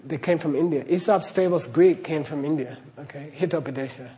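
A spiritual teacher with a fairly high, dark-toned voice speaks fairly quickly as he gives an earnest talk to an audience. He keeps checking in with "okay?" and laughs while telling stories.

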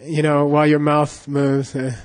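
A man's voice: on the high side, completely flat delivery, normal speed. A middle-aged man giving a casual Buddhist teaching, rambling through anecdotes with constant "you know" and "okay?" check-ins. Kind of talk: casual dharma talk with anecdotes.

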